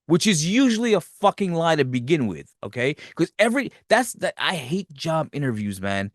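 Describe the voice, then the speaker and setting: A man hosting a podcast, giving a profane, animated movie review rant. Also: fairly high pitch, moderate pace, hardly any pauses, dry recording, studio quality. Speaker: podcast host.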